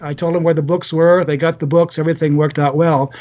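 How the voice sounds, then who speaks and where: A man's voice: on the high side, level tone, quick pace, darkish tone, dull audio. A man in his sixties, a doctor and author, telling earnest stories in a podcast interview with frequent repeated words. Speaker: guest, physician and author.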